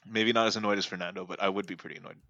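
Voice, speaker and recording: Give me a deep-voiced man hosting a casual sports podcast, rambling with fillers, on a dull lo-fi mic. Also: steady tone, racing, sharp tone, no echo. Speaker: podcast host.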